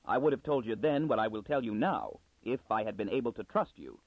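Brief: cool, sardonic young neurologist, read by a man, lively pitch, telephone-thin audio. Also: dry recording. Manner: measured, dryly sardonic. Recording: dry, phone-like narrow sound.

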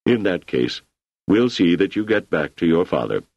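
A man's voice: low voice, big pitch swings, normal speed, vocal fry, darkish tone, no echo, exaggerated voice. A man reading an audiobook, voicing a persuasive male political recruiter who speaks in a reassuring way. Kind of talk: audiobook character voice. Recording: slightly muffled lo-fi recording.

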